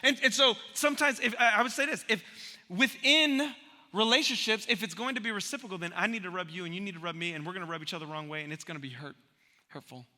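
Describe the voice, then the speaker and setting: Bright, high-voiced pastor preaching in a reverberant hall. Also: male voice, fast talker. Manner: animated storyteller who acts out voices; humorous, conversational preaching. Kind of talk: sermon. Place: church sanctuary. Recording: long church hall reverb from a live sermon.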